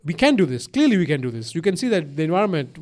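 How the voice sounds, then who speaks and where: A man's voice: a little high, very fast. Rambling, profane man with a mixed accent. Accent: mixed, slight Eastern European. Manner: rambling, profane, animated, laughs often. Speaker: podcast co-host. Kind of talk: casual podcast chat.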